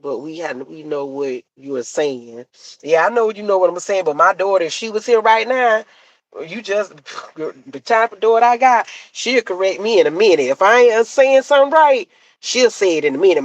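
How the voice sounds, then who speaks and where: A woman's voice: medium pitch, lively intonation, normal speed, dry recording, dull audio. A middle-aged woman chatting casually to her live-stream viewers, repeating herself and laughing easily. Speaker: live-stream content creator.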